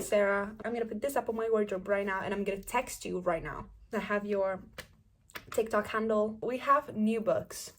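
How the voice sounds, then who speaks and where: A young woman, gushing excitedly about new books in a casual vlog. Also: a little high, a little hiss or hum. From Italy. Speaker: book vlogger. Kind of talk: casual book haul chat.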